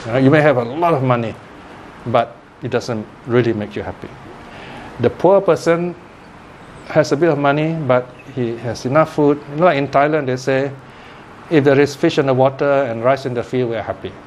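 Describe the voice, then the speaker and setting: A man's voice: mid-range voice, a little mellow, slight background noise. A man giving a Buddhist Dharma talk in a conversational teaching manner, often checking in with "okay?" and "right?".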